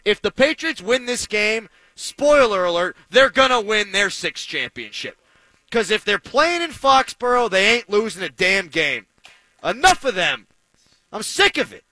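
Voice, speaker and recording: A man's voice: high voice, very animated, unhurried, sharp tone, no echo, rough recording. A man giving heated, sarcastic sports commentary, ranting with fired-up energy.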